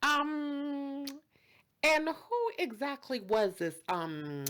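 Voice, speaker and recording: Brief: a woman as a sassy, outraged diner, big pitch swings, drawn-out delivery. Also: lively intonation, a bit bright, exaggerated voice. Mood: indignant. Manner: sassy, exasperated, laughing.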